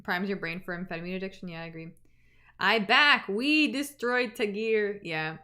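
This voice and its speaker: This livestream host, a Canadian woman in her twenties, talks at a moderate pace in a mid-range voice that sounds pushed and bright. She chats informally with viewers, frequently losing the thread and beginning again.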